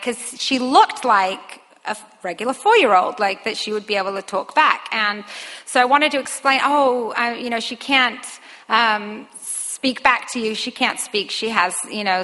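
A woman's voice: on the high side, sharp tone. Woman telling a story in an echoing hall. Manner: earnest, rambling with many fillers and restarts. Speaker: mother sharing a personal testimony. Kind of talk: personal storytelling. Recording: long hall reverb.

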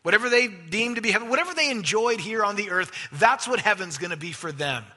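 A man preaching a sermon as pastor, emphatic, swinging from loud stresses to hushed asides. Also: high-pitched, expressive, fast talker. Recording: long hall reverb.

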